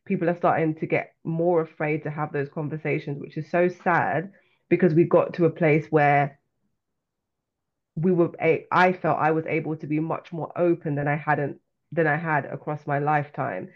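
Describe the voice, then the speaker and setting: A woman with a London accent, an author and coach speaking as a guest in a podcast interview, talking in a reflective, earnest and measured way. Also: low voice, fairly even intonation. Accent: London English. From London, England. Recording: slightly dull lo-fi sound.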